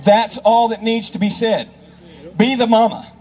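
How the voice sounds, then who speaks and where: A man's voice: extremely high pitch, fairly even intonation, unhurried, darkish tone, rough recording. A middle-aged man, a federal investigator, telling emphatic anecdotes to a live audience and acting out the people in them. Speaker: federal investigator speaking on child safety. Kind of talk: storytelling speech to a live audience.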